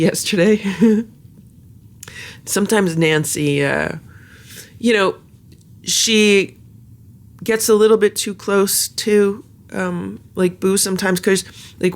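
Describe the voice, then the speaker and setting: Home cat vlogger with a fry-heavy voice, chatty and halting, cooing gently at the cats. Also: mid-range voice. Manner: chatty, halting with many fillers; soft baby talk to cats. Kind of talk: casual vlog chat.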